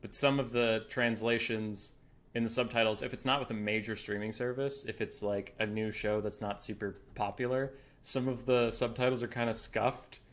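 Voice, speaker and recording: A man's voice: medium pitch, fairly even intonation, normal speed, fairly bright tone. A young man co-casting a game tournament, chatting casually, joking and laughing often. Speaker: co-caster.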